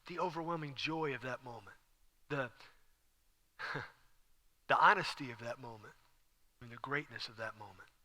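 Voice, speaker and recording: A man preaching an animated sermon as pastor, acting out scenes with sudden whispers and exclamations. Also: mid-range voice, moderate pace, long pauses. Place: church sanctuary. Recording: church hall with long reverb.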